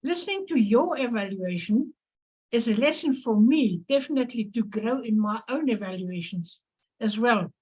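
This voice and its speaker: A woman's voice: a little high, expressive, moderate pace, a little mellow, husky, highs cut off. A woman chairing a club meeting, politely thanking speakers and introducing the next one. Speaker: meeting host.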